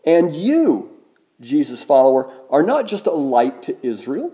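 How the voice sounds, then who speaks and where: A man preaching a sermon in a slow, emphatic way, with dramatic pauses on key words. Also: fairly high pitch, very animated, mellow. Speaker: pastor.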